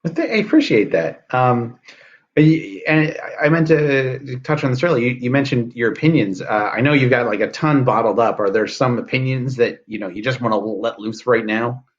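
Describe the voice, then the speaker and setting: A man's voice: mid-range voice, moderate pace. A man hosting an improv comedy interview, asking hesitant, rambling questions full of fillers. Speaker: talk show host. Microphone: video call. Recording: dull lo-fi video call audio.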